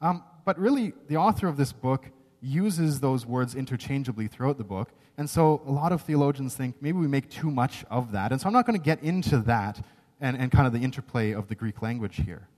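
A man's voice: mid-range voice, expressive, brisk, darkish tone. A man preaching a sermon, earnest and emphatic, often checking in with "right?". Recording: long reverb of a large hall.

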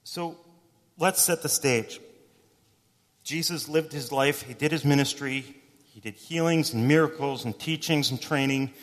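A man preaching a sermon in a relaxed, conversational way, retelling stories and briefly voicing the people in them. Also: medium pitch. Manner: conversational, animated storytelling with quick voices for quotes. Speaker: pastor. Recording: reverberant hall.

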